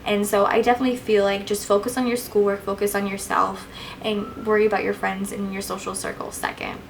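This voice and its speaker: Young woman, casual vlog q&a, gushing chatter, gravelly fry, slight background noise. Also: mid-range voice, little pitch movement, fairly quick, low-quality recording. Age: young adult. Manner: chatty, gushing, many "like"s and fillers. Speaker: vlogger answering viewer questions. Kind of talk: casual Q&A chat.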